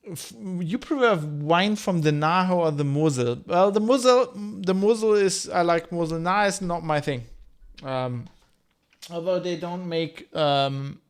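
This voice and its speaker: A man in his thirties from Germany with a mixed, slightly German English accent, chatting loosely while streaming a game and reading chat aloud, with a slight rasp. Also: on the high side. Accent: German-tinged mixed English. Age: 30s. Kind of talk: casual game commentary.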